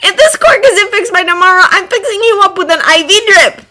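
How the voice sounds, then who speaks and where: A woman voicing a cheerful, affectionate adult husband who speaks in a bright, gushing, exclamatory way. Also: very high-pitched, big pitch swings, normal speed, voice pushed up, full character voice.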